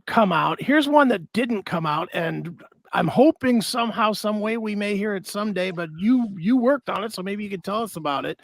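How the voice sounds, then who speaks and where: A man co-hosting a casual music podcast interview, animated and asking questions with hesitant restarts. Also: sits high, moderate pace, gravelly, no echo. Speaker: podcast co-host.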